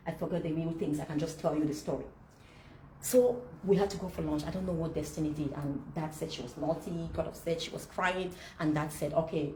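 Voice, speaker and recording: A woman with a fairly low voice preaches to a gathering, posing rhetorical questions and quoting scripture. Her voice rings around a roomy hall, with faint noise underneath. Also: dark tone. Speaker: speaker leading a masterclass. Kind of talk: sermon-like teaching talk. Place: event room.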